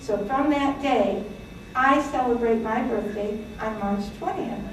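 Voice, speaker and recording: A woman's voice: a little high, measured pace, slight background noise. Greek-born lady in her 60s telling family stories to a crowd, lots of ums, far off with a big echoey room sound. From Greece. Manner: chatty, laughing, many fillers. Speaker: presenter. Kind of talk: live talk to an audience.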